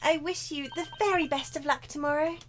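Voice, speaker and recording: A woman's voice: sits high, fairly even intonation, fairly quick, a little hiss or hum, voice pushed up, lightly acted. A woman voicing a polite, formal young female legal assistant while reading game dialogue aloud. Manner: formal, courteous, gently earnest.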